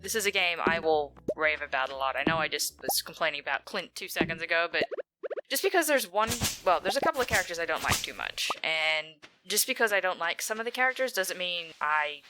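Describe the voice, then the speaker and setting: A woman's voice: on the low side, expressive, brisk, noisy background. A young adult woman giving casual gaming commentary, chatty and rambling with a self-deprecating streak. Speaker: let's play gamer. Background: game music.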